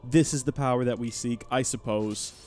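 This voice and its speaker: A man's voice: medium pitch, moderate pace. A young man streaming live gameplay, chatting and thanking viewers as he plays. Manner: chatty and animated, thanking chat mid-game.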